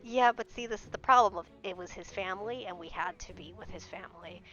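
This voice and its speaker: Swearing often and clearly exasperated, a young woman streamer tells a story in casual chat at a fast clip. Her medium-pitched voice sounds bright and forceful. The audio is dull lo-fi stream quality with faint music behind her.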